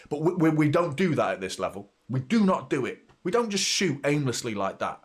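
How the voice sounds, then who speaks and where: A man's voice: mid-range voice, fast, hardly any pauses, breathy edge. A man in his thirties from the UK hosting a live football watchalong, blunt and sweary, reacting to the play and chatting to viewers. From United Kingdom. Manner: blunt, sweary, excitable when play heats up. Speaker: host of a fan watchalong. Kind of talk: live match reaction and chat.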